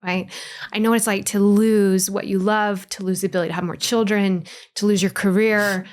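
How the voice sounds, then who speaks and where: A woman's voice: mid-range voice, steady tone, fairly quick. A woman guest on a podcast, speaking heartfelt and emphatic in a casual interview. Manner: heartfelt, emphatic, uses repeated phrasing.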